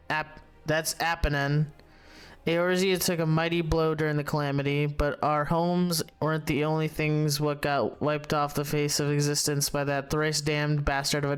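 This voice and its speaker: A man reading as a gruff, salty tavern keeper. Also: on the high side, level tone, normal speed, close to an everyday voice. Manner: reads the game text aloud, stumbling and restarting. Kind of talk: reading video game dialogue aloud.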